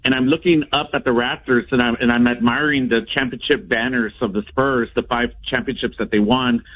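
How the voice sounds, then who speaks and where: A man's voice: medium pitch, steady tone. Hesitant man caller, dull lo-fi sound. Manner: hesitant, halting. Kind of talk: casual call-in.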